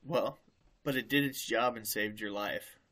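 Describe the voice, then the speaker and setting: A man's voice: lowish voice, measured pace, pushed and bright. A man in casual chat, giving short amused reactions.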